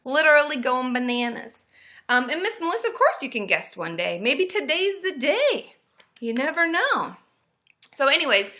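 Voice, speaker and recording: Bubbly woman therapist host, thirties, high bright voice, swoops all over, cheers on chat. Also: big pitch swings, normal speed, a little hiss or hum. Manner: bubbly, greets viewers with cheering woos and yays. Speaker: therapist hosting a livestream. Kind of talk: casual livestream chat.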